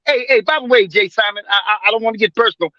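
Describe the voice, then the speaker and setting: A man in his seventies with a high, bright voice holds forth on a boxing panel, swinging his pitch up and down as he rambles emphatically. He stumbles into fillers and restarts. His voice comes through slightly dull online call audio in a dry, close setting. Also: racing, no echo. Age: 70s. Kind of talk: casual profane sports debate.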